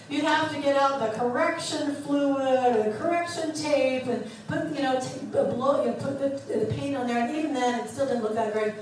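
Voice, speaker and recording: A middle-aged woman therapist talks animatedly, acting out the voices she quotes. Her voice sits a little high. She is recorded from off the mic in a very echoey room with faint background noise. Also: darkish tone, recorded from a distance. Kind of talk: teaching talk on self-talk.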